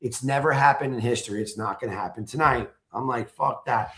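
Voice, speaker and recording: A man in casual chat, excitedly telling a story and acting out his own shouted chants. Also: mid-range voice, a little fast, hardly any pauses. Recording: roomy echo.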